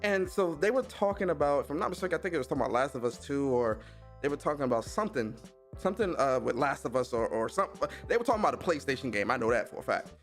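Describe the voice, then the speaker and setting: A man hosting a gaming show, telling a story in a casual, animated rant full of swearing and mocking impressions. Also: medium pitch, quick pace, faint music behind. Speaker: gaming podcast host.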